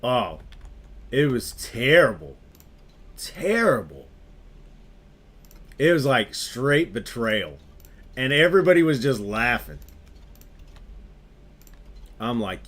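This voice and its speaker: A man's voice: medium pitch, big pitch swings, slow pace, long pauses, a bit bright. A young adult man on a gaming stream, casually telling a story while he plays, laughing often and talking in loose slang.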